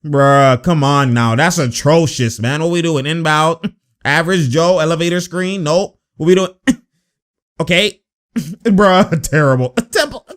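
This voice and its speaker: A man giving casual, slang-filled reaction commentary on basketball footage, animated and exasperated. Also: a little high, unhurried.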